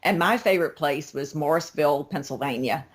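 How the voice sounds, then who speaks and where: An older woman from Louisiana with a Southern accent, chatting as an author being interviewed, telling stories in an emphatic, lively way. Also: low voice, fairly quick, husky. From Louisiana, USA. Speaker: author and guest. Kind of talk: casual interview chat.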